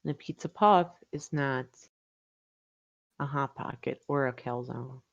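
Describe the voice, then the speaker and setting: A woman's voice: a bass voice, measured pace, lo-fi sound. A woman co-hosting a casual stream chat, playfully indignant and dramatic. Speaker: co-host.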